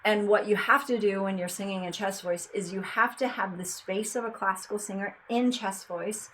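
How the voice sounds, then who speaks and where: A woman's voice: medium pitch, steady tone, moderate pace, background noise. A woman teaching a casual singing lesson, chatty, breaking off to demonstrate sung notes.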